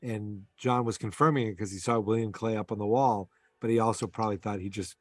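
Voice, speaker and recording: A man co-hosting a casual chat, cutting in with quick remarks. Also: on the low side, fairly even intonation, no echo. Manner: chatty, quick interjections.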